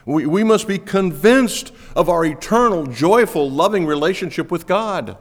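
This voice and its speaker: A man preaching a sermon to a congregation, swinging between loud, rising appeals and quiet, low asides. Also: expressive, moderate pace. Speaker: pastor. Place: church sanctuary. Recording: long reverb of a large hall.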